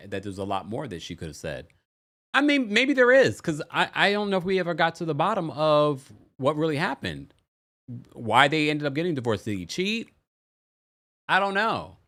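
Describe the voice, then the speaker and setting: Animated man recapping reality TV. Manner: animated, big pitch jumps, laughs often. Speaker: podcast host. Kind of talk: casual chat recapping reality TV.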